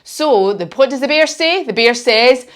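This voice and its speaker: Woman, children's yoga instructor, storytelling lesson, slightly high voice, playful, encouraging. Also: lively intonation, unhurried, a bit bright.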